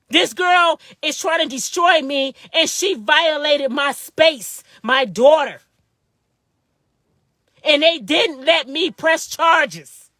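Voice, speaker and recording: A woman's voice: high voice, sharp tone, no echo, studio quality. A woman in her fifties giving an impassioned personal monologue, emphatic and indignant, repeating her points. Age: 50s. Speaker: vlogger telling her own story.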